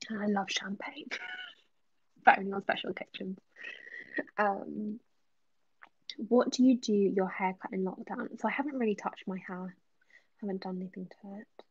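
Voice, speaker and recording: A woman's voice: medium pitch, normal speed, pauses often, husky, no room sound, muffled recording. A woman answering viewers' questions on a casual live stream, chatty with many ums and slipping into whispers. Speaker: ASMR creator answering live chat.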